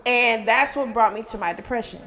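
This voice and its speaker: A woman's voice: fairly high pitch, fairly quick, bright, forceful tone, slight background noise. A woman co-hosting a podcast, talking candidly and a bit defensively. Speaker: podcast co-host. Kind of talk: casual chat.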